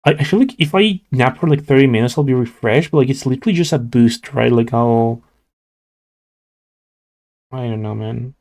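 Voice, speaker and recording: Mellow-voiced sleepy young man rambling. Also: medium pitch, moderate pace, pauses often. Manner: rambling, many "like" fillers and restarts. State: sleepy, yawning. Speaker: streamer. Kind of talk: casual chat with live chat while drawing.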